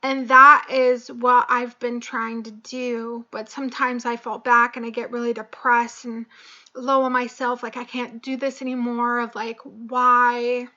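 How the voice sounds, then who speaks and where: A young woman speaks slowly in a fairly high, bright voice, her delivery flat and halting with frequent pauses. She sounds tearful and choked up as she confides in a personal vlog. The recording is dull and lo-fi. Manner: slow, halting and emotional, with many pauses and fillers. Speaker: vlogger.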